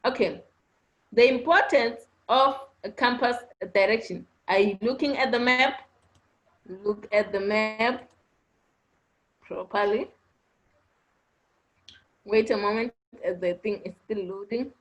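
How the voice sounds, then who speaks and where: A woman's voice: on the high side, normal speed, a bit bright, rough recording. A woman teaching an online class, patiently repeating points and checking understanding with frequent "okay?" prompts. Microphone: online video class audio.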